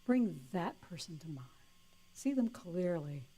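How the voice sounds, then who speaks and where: A woman's voice: lowish voice, very animated, a little slow, dark tone, husky. Playful woman minister preaching. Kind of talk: sermon.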